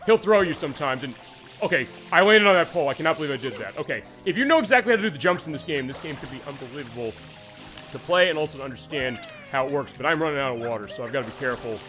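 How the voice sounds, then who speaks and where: A man's voice: fairly high pitch, expressive, rapid-fire, over music. A man hosting a game stream, chatting casually and rambling with many fillers while he plays. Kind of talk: casual let's-play commentary.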